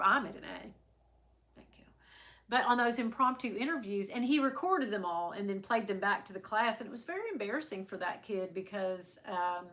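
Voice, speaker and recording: A woman's voice: medium pitch, fairly bright tone. A woman from the American South with a Southern accent, chatting casually and rambling with live viewers as a stream host. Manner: chatty, rambling, many restarts. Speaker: livestream host.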